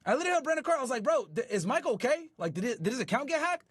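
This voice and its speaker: A man hosting a streaming show, talking casually to his live chat and retelling a story in an animated, profane, incredulous way. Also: very high voice, very fast, no room sound, studio quality.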